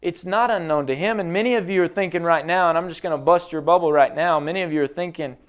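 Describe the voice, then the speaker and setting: A man's voice: a little high, fairly even intonation, fast, smooth. A young man preaching a sermon in an earnest, conversational way, acting out quotes as he goes. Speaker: pastor. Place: church, livestreamed.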